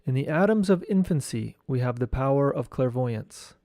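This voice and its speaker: A man teaching esoteric studies, reading a lecture text aloud in a slow, measured way and chanting mantra syllables. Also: medium pitch, expressive, dark tone, no room sound, studio quality.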